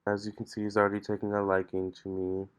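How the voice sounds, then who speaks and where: Relaxed, low-voiced man chatting at home. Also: fast, clear, resonant tone. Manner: relaxed, loose, full of "like" and "you know". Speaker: tarot reader and vlogger. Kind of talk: casual vlog talk. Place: his home, with a cat nearby.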